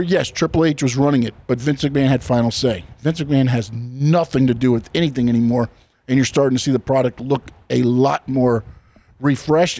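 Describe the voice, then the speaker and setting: A man's voice: mid-range voice, warm tone. A man on a radio show, chatting casually and explaining things at length in long run-on lists. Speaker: radio show guest talking wrestling.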